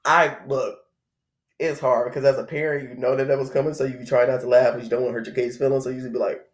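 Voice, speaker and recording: A man's voice: mid-range voice, little pitch movement, fast. A man in his thirties talking casually and reflectively about spiritual growth, rambling in a conversational way. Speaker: spiritual vlogger. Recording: echoey room.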